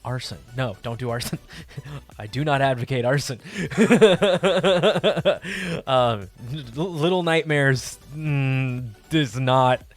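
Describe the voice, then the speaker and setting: A man's voice: medium pitch, soft background music. Bubbly, laughing man chatting to his stream. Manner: bubbly, laughs often, halting restarts. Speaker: livestream host. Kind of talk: casual chat with live chat viewers. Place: basement apartment.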